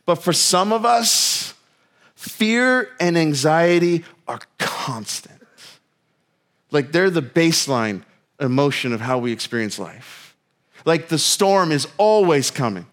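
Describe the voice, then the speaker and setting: A pastor preaching a sermon in a casual, storytelling way, with self-mocking humor and lots of filler words. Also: male voice, a little high, animated, slow, a bit bright.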